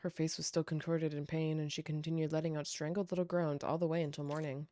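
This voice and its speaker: A woman streamer reading a game's narration aloud in a steady narrative manner. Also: low voice, fast talker, no room sound, soft background music. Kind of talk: reading game text aloud.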